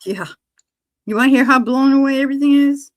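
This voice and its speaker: A woman's voice: high voice, a little fast, dry recording. A woman hosting a livestream in casual chat, recounting to viewers what she told everyone earlier.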